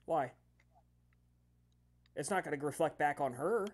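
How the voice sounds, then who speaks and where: A man narrating as game master of a tabletop role-playing game, shouting out villagers' lines now and then. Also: a little high, a little slow. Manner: relaxed, breaks into loud shouted voices for villagers.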